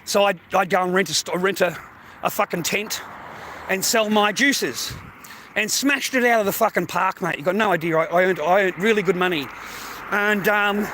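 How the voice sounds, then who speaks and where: Older Australian bloke hosting a livestream, high and bright voice, foul-mouthed casual rambling, faint noise behind. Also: male voice, normal speed. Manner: swears constantly, calls listener mate and bro. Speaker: livestream host. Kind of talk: casual rambling monologue to viewers.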